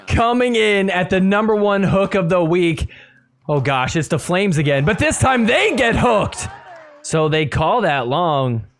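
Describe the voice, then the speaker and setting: A man hosting a sports podcast, recapping games in a casual, excitable way and laughing at the calls. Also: sits high, unhurried. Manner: excitable, laughing, mock-quoting players. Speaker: podcast host.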